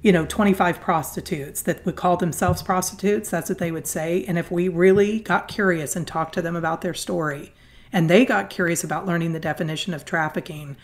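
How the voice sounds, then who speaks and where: Earnest, lower-voiced woman storyteller. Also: a little fast. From Southern California. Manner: earnest, animated storyteller with restarts. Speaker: guest, foundation founder. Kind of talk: conversational storytelling interview.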